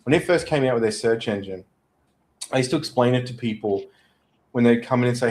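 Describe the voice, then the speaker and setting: A man chatting as a podcast guest. He tells his stories in an animated, everyday way, with a voice sitting in the middle of the male range. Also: medium pitch, fast, low-quality recording. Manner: animated storyteller. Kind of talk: casual podcast chat.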